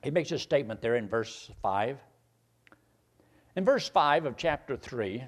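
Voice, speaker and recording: An older man preaching a sermon, climbing to loud emphatic peaks and then dropping low and quiet. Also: lively intonation, a little slow, long pauses.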